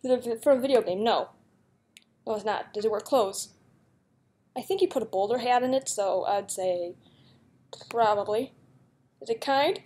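A woman's voice: on the high side, moderate pace, long pauses, darkish tone. A young woman YouTuber chatting casually and giggling as she reads out a guessing game's questions and answers them. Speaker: YouTuber playing a guessing game. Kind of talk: casual gameplay commentary.

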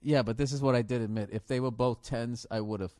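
A man hosting a podcast, telling a profane, rambling comedy story with loud, excited outbursts. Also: mid-range voice, brisk. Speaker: podcast host. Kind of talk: casual comedic monologue.

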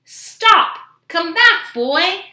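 A woman's voice: extremely high pitch, expressive, very slow, sharp tone, roomy sound, voice pushed up, exaggerated voice. A woman doing a roaring greedy giant. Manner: bellowing, roaring. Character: huge greedy bellowing male giant.

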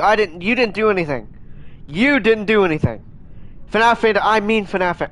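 A man streaming a game live, chatting in a rambling, excitable way and scolding his chat, with many restarts. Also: high-pitched, normal speed, long pauses.

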